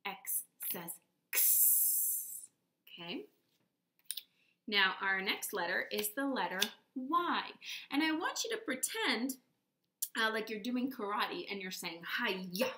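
A woman teaching young children letter sounds, slow and encouraging, demonstrating each sound. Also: mid-range voice, pushed and bright, roomy sound. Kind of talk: children's phonics lesson.

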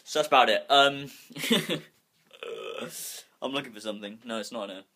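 A man's voice: medium pitch, moderate pace, bright, forceful tone. A young man vlogging on a handheld phone at home, rambling and restless and swearing freely. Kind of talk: casual vlog. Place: bedroom at home. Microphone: phone held in hand.

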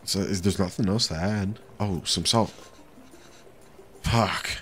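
A man's voice: sits low, takes it slowly, fairly bright tone, slight background noise. A young man giving casual let's-play commentary, talking to himself and swearing now and then. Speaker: gaming streamer. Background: faint game music.

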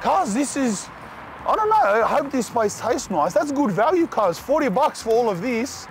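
A young man with an Australian accent hosting a casual food vlog outdoors, talking in excited slang to the viewer. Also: very high-pitched, normal speed, vocal fry, slight background noise. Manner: excited slangy banter, calls the viewer cuz and bro. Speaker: food vlogger host. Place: outdoors at street food trucks.

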